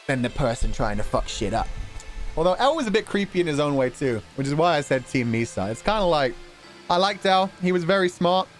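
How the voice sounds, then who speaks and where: A young man with a British accent talks in a laid-back, chatty way as he reads through viewer messages. His pitch swings animatedly, he laughs easily, and he swears now and then without any edge. Faint music plays behind him. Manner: relaxed, chatty, laughs often, swears casually. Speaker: streamer host. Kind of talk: casual chat, reading viewer donations.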